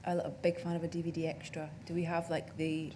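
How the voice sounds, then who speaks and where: A woman's voice: low-pitched, completely flat delivery, a little fast, noisy background. A woman interviewing a guest on stage, asking hesitant questions full of fillers. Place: on stage at a cinema talk event.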